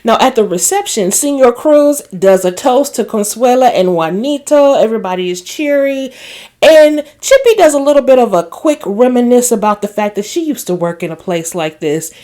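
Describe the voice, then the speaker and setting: A woman with a fairly high voice talks through a TV drama episode as a casual vlog recap. She is chatty and opinionated, drops exclamations like "child," and slips into voicing the characters as she retells their lines. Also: lively intonation, normal speed, mellow. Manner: voices quoted characters while retelling scenes. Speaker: recap vlogger.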